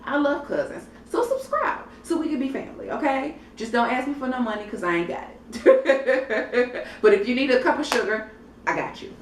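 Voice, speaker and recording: A woman's voice: high voice, sing-song, normal speed, distant mic. Sassy woman vlogger in an echoey room. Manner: sassy, blunt, profane, chatty, addresses viewers directly. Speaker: TV reality show reviewer. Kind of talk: casual vlog commentary. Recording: roomy echo, off-mic, faint background noise.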